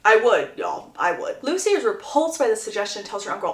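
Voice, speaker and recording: A woman recapping a romance novel plot in a chatty, animated way with dramatic asides. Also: medium pitch, fast. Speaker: book recap creator. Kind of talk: casual story recap. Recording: roomy echo.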